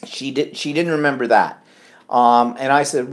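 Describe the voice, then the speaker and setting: A man's voice: medium pitch, normal speed. A man co-hosting a podcast, chatting and telling a story in which he acts out the people he quotes. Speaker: podcast co-host. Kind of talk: casual chat.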